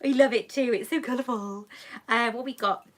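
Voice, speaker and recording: A woman's voice: a little high, moderate pace. A British woman hosting a live question-and-answer stream from home, chatting casually and greeting viewers with affectionate pet names. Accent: British English. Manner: chatty and affectionate, calls viewers love and sweetheart. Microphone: camera mic on a monopod.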